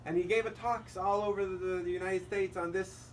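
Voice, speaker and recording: High-voiced rabbi telling sermon jokes. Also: male voice, fairly even intonation, moderate pace, recorded from a distance, slight background noise, rough recording. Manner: storytelling, quoting characters in dialogue.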